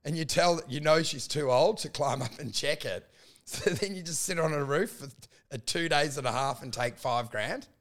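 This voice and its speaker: A man telling stories in casual chat, animated and swearing often. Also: fairly high pitch, normal speed. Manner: animated storytelling, swearing, frequent laughing.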